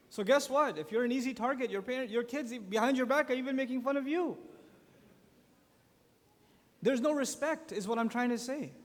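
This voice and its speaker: A man speaking at a youth conference, giving a religious lecture with animated storytelling and acted-out quotes. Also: very high voice. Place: large conference hall. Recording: long echo of a large conference hall.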